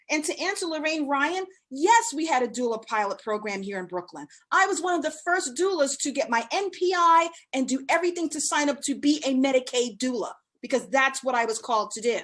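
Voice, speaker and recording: A woman's voice: sits high, lively intonation, fairly quick, few pauses, a bit bright. A woman, a hospital doula, giving impassioned, indignant public testimony over a remote video call.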